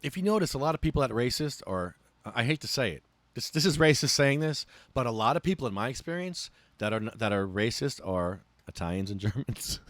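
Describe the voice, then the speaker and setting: A man hosting a podcast, ranting in a casual, profane and animated way. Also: mid-range voice, brisk, no echo. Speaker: podcast host.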